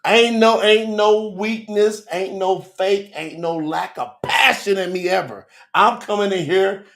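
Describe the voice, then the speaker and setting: Teaching scripture live to viewers online, a middle-aged man speaks a little slowly in a high, gravelly-fried voice. He is fervent and preacherly, lurching between big shouts and quiet, intimate asides.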